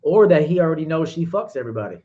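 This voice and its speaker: A man's voice: fairly high pitch, big pitch swings, rapid-fire, dark tone. A man in casual chat, chiming in with short remarks and agreement. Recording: dull lo-fi sound.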